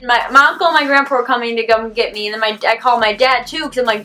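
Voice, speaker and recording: A woman's voice: fairly high pitch, a little fast, few pauses. Bubbly teen girl telling a story. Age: teens. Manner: animated, rambling, heavy use of "like". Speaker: vlogger. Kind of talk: casual storytime vlog.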